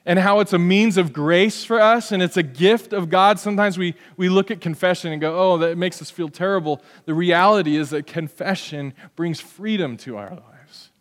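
A pastor in his forties delivers a sermon in a church, his voice sitting fairly high for a man. He preaches in a loose, conversational way and keeps slipping into short acted-out scenes. His voice carries a long reverb from the hall. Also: normal speed, few pauses. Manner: conversational, animated, acts out little scenes. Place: church sanctuary.

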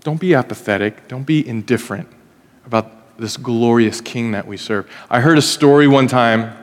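Animated preacher in an echoing church hall. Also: male voice, medium pitch, moderate pace. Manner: conversational storytelling, acts out quoted voices. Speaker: pastor. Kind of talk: sermon. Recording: long reverb in a hall.

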